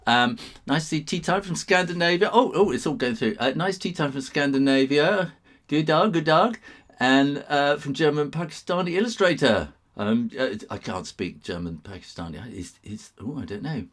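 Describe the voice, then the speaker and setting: A man's voice: on the high side, lively intonation, moderate pace. A middle-aged man, hosting a casual live drawing stream and chatting with viewers in a rambling, chuckling way. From England.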